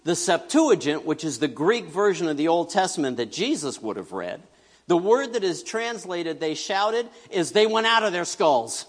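Animated middle-aged pastor in a reverberant church. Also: male voice, sits high, moderate pace. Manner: animated, joking, big swings between loud and hushed. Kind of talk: conversational sermon. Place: church sanctuary. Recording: long reverb of a large church hall.

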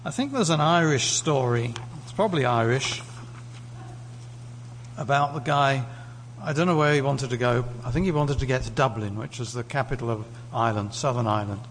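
A man's voice: mid-range voice, normal speed. A man from the UK preaching a sermon in a conversational way, putting questions to the congregation. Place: church hall. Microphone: lectern mic. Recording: echoey hall, faint hum.

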